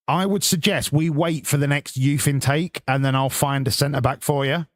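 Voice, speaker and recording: A man's voice: a little high, no echo, studio quality. Sweary English man chatting to his stream. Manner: swearing, banter with chat. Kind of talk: casual live-stream chat.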